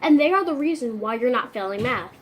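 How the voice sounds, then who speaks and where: Young female vlogger, comic and animated, higher-pitched voice, faint background hiss. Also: fairly quick. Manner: animated, sarcastic, acts out little scenes. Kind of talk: comedic vlog monologue.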